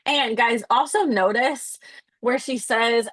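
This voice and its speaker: A woman's voice: fairly high pitch, animated, a little slow, a bit bright, no room sound. A young woman leading a casual class discussion of a novel. She is chatty, fills her talk with "like" and laughs often. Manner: chatty, laughs often, addresses the group as guys. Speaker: student leading a book discussion.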